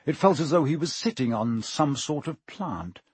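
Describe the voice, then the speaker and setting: A man narrating an audiobook with expressive, dramatic pacing. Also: medium pitch, normal speed, husky, dry recording. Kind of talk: audiobook reading.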